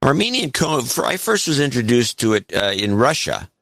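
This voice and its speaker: A man's voice: medium pitch, big pitch swings, normal speed, a bit bright, no echo. A man co-hosting a podcast, reading listener donation notes aloud with a wry, dry delivery and joking asides.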